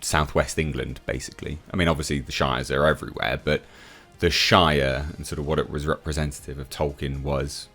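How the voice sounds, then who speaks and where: A man with a very low voice runs a scoffing commentary vlog, breaking off often with filler sounds. Soft music plays faintly underneath. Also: flat delivery, fairly quick, hardly any pauses. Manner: mocking, scoffing, frequent uh fillers. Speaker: YouTube commentator.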